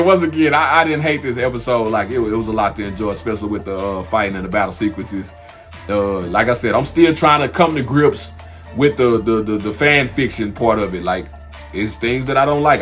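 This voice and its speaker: A man's voice: medium pitch, moderate pace, soft background music. Chatty man reviewing a TV episode. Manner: animated, loose and conversational with many fillers and restarts. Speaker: TV recap host. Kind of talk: casual spoken TV episode review.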